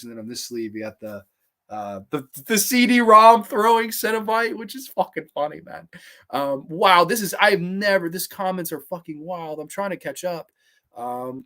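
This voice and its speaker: A young man with a fairly high-pitched voice chats loosely on a livestream, reading out comments. He swears constantly and keeps restarting his sentences, so his talk runs on and loops back. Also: sing-song, moderate pace, a bit bright. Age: young adult. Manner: rambling, heavily profane, many restarts. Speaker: livestream host.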